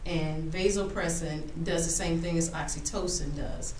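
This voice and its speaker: A woman's voice: fairly low pitch, steady tone, moderate pace, a little mellow, reverberant, distant mic, slight background noise. A woman in a casual talk show explaining things, often checking in with "right?". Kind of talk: explanatory chat.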